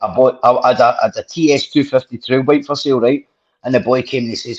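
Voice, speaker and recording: A podcast host tells rambling, sweary stories in casual chat, restarting sentences plenty. He talks fast with a medium-pitched, steady, slightly rough voice, and the podcast audio is dull and lo-fi.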